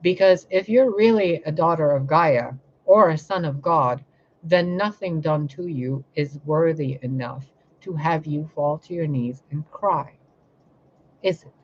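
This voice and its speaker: A woman's voice: low-pitched, unhurried, muffled recording, a little hiss or hum. A woman tarot reader giving an impassioned spiritual monologue, fiery and confrontational, full of swearing and rhetorical questions.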